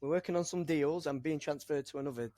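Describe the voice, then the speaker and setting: A man's voice: fairly high pitch, fast talker, mellow, a little hiss or hum. A man co-hosting a casual football podcast, joking around and laughing often. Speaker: podcast co-host. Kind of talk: casual chat.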